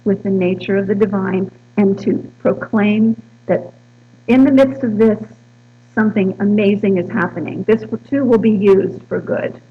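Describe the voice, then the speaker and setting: A woman's voice: medium pitch, steady tone, moderate pace, few pauses, phone-quality sound. A woman minister preaching a sermon and leading the congregation in bold affirmations. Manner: bold, rousing, leads call-and-response. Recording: distant mic with mains hum in a hall.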